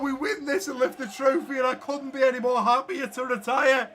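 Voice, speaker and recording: A man playing a football video game and commentating on it for his viewers, excitable and quick to shout at the play. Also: very high-pitched, slight background noise. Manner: talks to viewers as guys and lads. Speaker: gaming YouTuber.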